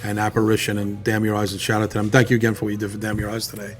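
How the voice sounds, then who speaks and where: Fast-talking middle-aged promoter man. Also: lowish voice, monotone. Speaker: concert promoter and band manager. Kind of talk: casual chat.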